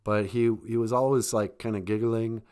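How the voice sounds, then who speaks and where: A man's voice: on the low side, steady tone, moderate pace, a little mellow, clean tone. A man hosting a casual livestream, joking and laughing often. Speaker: livestream host and comic author.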